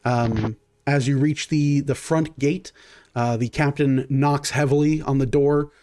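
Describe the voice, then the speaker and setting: A man narrating a tabletop game as game master, in a halting way with many fillers and restarts. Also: medium pitch, fairly even intonation, darkish tone.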